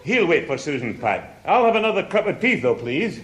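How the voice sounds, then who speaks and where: Rich: a grumbling older grandfather, his voice swinging up and down as he frets, a bit higher than most men. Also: sing-song, moderate pace, a bit bright. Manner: grumbling, flustered. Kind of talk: 1960s radio sitcom acting.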